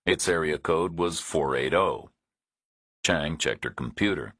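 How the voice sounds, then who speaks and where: A man reading a crime thriller audiobook in a steady, even storytelling delivery. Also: rumbling low, measured pace, husky, no room sound, clean studio sound. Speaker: audiobook narrator. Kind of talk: scripted audiobook narration.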